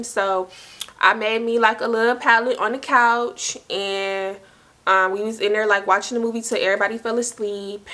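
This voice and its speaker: A woman's voice: mid-range voice, normal speed. A young woman telling a personal story to her viewers, casual and slangy, full of "like" and "y'all". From South Carolina. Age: young adult. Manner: slangy, animated, fillers of "like" and "y'all". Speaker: storytime vlogger.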